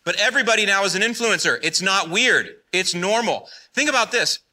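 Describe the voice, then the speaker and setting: A man in his forties giving an energetic conference talk, often firing questions at the audience. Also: high voice, fairly quick. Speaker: conference speaker.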